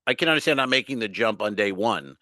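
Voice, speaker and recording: A man's voice: fairly low pitch, animated, fast talker, sharp tone, no echo. A man co-hosting a comedy podcast, telling a story in casual chat and acting out the other people's lines.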